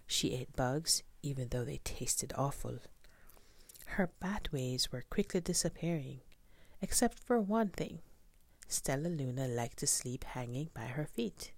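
A woman whispering a children's storybook aloud in a soft, gentle voice, as whispered role-play. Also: rumbling low, animated, a little slow, dry recording.

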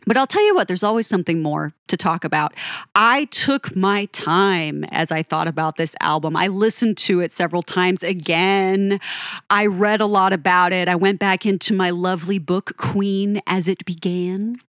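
A woman's voice: fairly low pitch, normal speed, fairly bright tone, no echo, clean studio sound. A woman hosting a music show, telling a band's story in a dramatic second-person style and then chatting casually with listeners. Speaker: music podcast host. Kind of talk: storytelling commentary.

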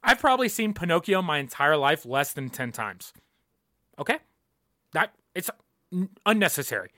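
A man's voice: fairly high pitch, big pitch swings, moderate pace, pushed and bright, dry recording, studio quality. A young man hosting a podcast, ranting casually and emphatically, swearing often and repeating his points. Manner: profane, emphatic, repeats himself.

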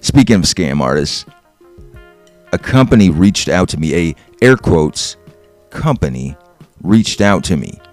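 Podcast host, male, low voice, heated sarcastic rant with faint music under it. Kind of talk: ranting monologue.

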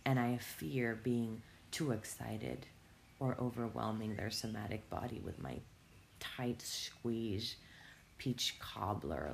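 A woman speaking in a slow, musing monologue, dropping into soft whispered phrases at times. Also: extremely low pitch, gravelly, a little hiss or hum. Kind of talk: reflective monologue.

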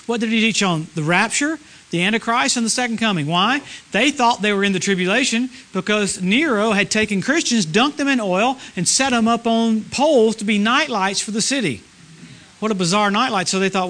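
A middle-aged man preaching a sermon at a church service, animated, swinging from loud exclamations to low murmurs. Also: a little fast. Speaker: guest preacher.

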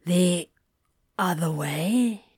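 A woman voicing a wry but tender male demon in an audiobook reading, speaking low and hushed. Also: drawn-out words, breathy edge, dry recording, clean studio sound, exaggerated voice. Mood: tender, flustered.

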